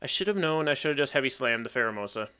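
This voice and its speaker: Bright-voiced young man commentating a game. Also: medium pitch, animated, rapid-fire, smooth. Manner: chatty, self-mocking, thinks aloud. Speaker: gaming YouTuber. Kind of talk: casual Pokemon battle commentary.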